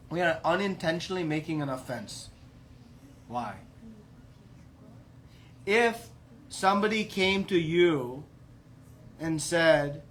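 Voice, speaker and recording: A man's voice: on the high side, a little hiss or hum. A man giving a devotional class, telling a story with emphatic rhetorical questions. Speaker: preacher.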